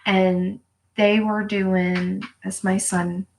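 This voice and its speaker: A woman chatting on a live home video, telling personal stories and giving pep talks. She talks in a blunt, profane, animated way and laughs often. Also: medium pitch, drawn-out words, vocal fry, poor audio. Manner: emphatic pep-talk delivery. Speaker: vlogger. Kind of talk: casual live-stream storytelling. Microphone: phone or webcam for a live video.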